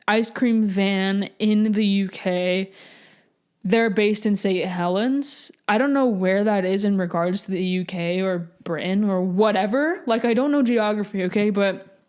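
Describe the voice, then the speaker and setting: A woman's voice: mid-range voice, clean tone. A young woman of eighteen hosts her own podcast alone. She talks in a loose, rambling, chatty way. She keeps poking fun at herself as she goes. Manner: rambling, chatty, self-mocking. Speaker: podcast host. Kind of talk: casual solo podcast chat.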